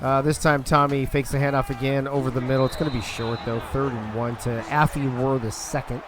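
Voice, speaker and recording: A man's voice: medium pitch, steady tone, fairly quick, over music. A young man calling a football video game live on a stream, loose and profane, talking to his chat between plays.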